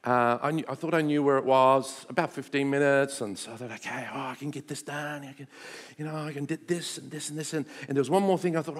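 A middle-aged man, preaching a sermon and telling a personal story in an animated way, dropping to hushed tones and rising to loud bursts. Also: medium pitch, quick pace. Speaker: pastor.

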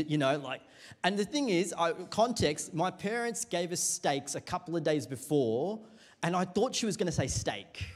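Young male pastor, lively sermon storyteller, fairly high voice, big swings in pitch. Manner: animated storytelling with congregation call-and-response. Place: church.

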